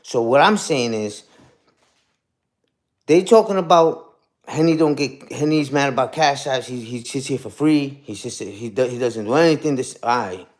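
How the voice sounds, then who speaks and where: A man's voice: medium pitch, normal speed. A man ranting casually to his live chat in streetwise slang, dropping "you heard?" after his points and repeating himself. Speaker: livestream host.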